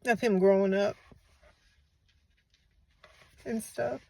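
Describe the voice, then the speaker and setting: A woman in her forties, a grieving mother who hosts a channel, speaks softly and with emotion in a heartfelt faith-based vlog, tearful from crying and repeating phrases to comfort her listeners. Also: medium pitch, steady tone, takes it slowly, gravelly. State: tearful, has been crying.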